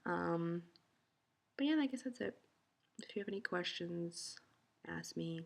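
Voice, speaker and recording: Tired, gravelly-voiced woman rambling at home. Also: lowish voice, expressive, unhurried. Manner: rambling, sleepy. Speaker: vlogger. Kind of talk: casual video diary.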